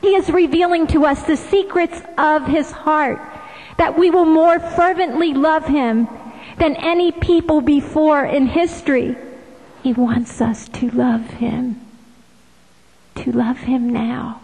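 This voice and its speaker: Slow, high-voiced woman whispering devotions. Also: steady tone, long reverb tail, low-quality recording. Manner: hushed, often slipping into whispers. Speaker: visionary sharing devotional messages.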